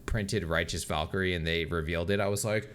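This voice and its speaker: A man co-hosting a podcast in casual chat, excitable, swearing a lot and laughing often. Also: deep voice, brisk, a little hiss or hum. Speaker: podcast co-host.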